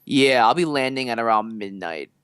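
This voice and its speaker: A man's voice: medium pitch, animated, moderate pace, fairly bright tone, clean tone, no room sound. Young male podcast co-host; rambling, filler-heavy delivery; resonant voice; dry close mic. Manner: loose, rambling storytelling with many fillers. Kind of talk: casual chat.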